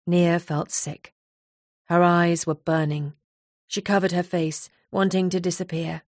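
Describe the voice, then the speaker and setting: Low-voiced woman reading a novel. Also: flat delivery, unhurried, a little mellow, no echo, clean studio sound. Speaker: audiobook narrator. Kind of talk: scripted narration.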